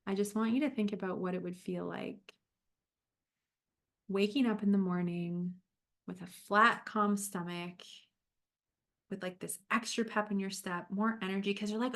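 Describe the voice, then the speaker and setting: A woman health coach talking warmly to her viewers on a livestream, moving from a program pitch into a guided visualization. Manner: upbeat and encouraging.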